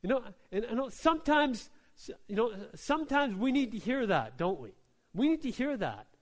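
A male pastor preaching a sermon, drawing the congregation in with repeated "Amen?" and "right?" and swinging between soft low asides and emphatic exclamations. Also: sing-song, normal speed, in a large hall.

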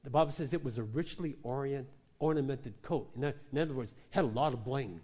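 A man preaching a sermon, telling a story with lively acted-out quotes. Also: mid-range voice, a little fast, slightly rough. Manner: animated storytelling, acts out quoted voices. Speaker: pastor.

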